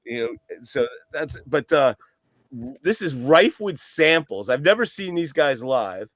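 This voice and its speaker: A man's voice: fairly high pitch, very animated, unhurried, a bit bright, dry recording, clean studio sound. A man guest on a podcast chatting casually about a record, rambling, swearing and laughing often. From East Coast of the US. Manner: rambling, profane, laughs a lot.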